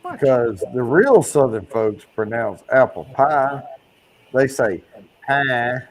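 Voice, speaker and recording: A man's voice: medium pitch, lively intonation, takes it slowly, darkish tone, a little hiss or hum, poor audio. A man hosting a casual livestream chat, joking and teasing his guests. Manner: teasing, joking, loose and crude. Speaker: host.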